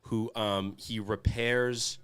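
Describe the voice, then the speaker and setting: A man's voice: fairly low pitch, steady tone, slow pace, fairly bright tone, clean tone. A man co-hosting a casual podcast, rambling with frequent restarts and casual swearing. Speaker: podcast co-host. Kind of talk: casual chat.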